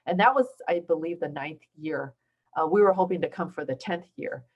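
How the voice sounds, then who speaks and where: A woman from southern China in middle age, a basketball coach, talks to a university audience. Her voice sits low, and she tells her stories in a loose way that often stops and starts again. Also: normal speed, highs cut off. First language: Taiwanese. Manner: conversational storytelling with many restarts and fillers. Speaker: basketball coach giving a talk. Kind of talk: informal speech to an audience. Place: university lecture hall.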